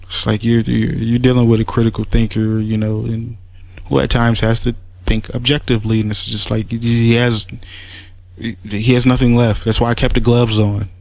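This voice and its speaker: A man's voice: mid-range voice, little pitch movement, normal speed, gravelly, a little mellow, no room sound. A man giving a mocking, rambling spoken rebuttal, sarcastic and full of restarts. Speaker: commentator making a response audio.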